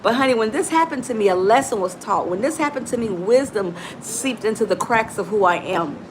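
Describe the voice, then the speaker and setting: Woman coach, middle-aged, higher voice, preachy and emphatic, faint noise behind. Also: lively intonation, fairly quick. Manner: emphatic and preachy, calls listeners "baby". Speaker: motivational coach and host. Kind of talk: live motivational talk.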